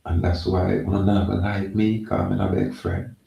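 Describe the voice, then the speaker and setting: A man's voice: low-pitched, little pitch movement, moderate pace, vocal fry, warm tone, a little hiss or hum. A man talking in a rambling, emphatic casual monologue, repeating himself. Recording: echoey, from far off the mic.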